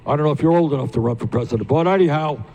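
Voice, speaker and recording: A man's voice: a little high, rapid-fire, a little mellow. An older man speaking at a town hall meeting, emphatic, asking the crowd questions and building to passionate peaks. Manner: addresses the crowd directly with questions. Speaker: candidate hosting a town hall.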